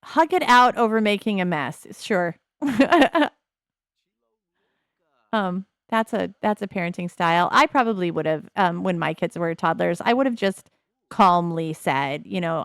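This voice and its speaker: A woman's voice: lowish voice, expressive, a little slow, a bit bright, no room sound, clean studio sound. A middle-aged woman casually commenting on a life-simulation game, chatty and wry, laughing often and slipping into character voices. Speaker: let's play host.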